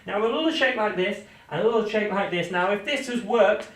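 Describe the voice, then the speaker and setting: A man with a fairly high voice gives playful, teasing magic patter. He talks a volunteer through the trick. The sound is echoey, with faint background hiss, and he stands off mic. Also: a little fast, a bit bright. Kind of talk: live magic-show patter. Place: indoor venue. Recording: echoey room, mic at a distance.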